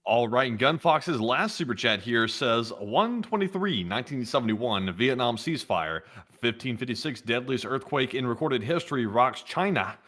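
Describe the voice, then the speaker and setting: A man co-hosting a live stream, reading viewer messages aloud in a plain, measured way. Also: medium pitch, expressive, fairly bright tone.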